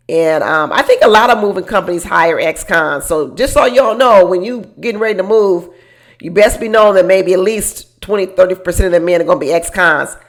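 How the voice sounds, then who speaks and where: A woman's voice: on the low side, fairly bright tone. A woman hosting a casual recap show, chatting to her viewers in a gossipy, laughing way about a reality program. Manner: speaks straight to viewers as "y'all".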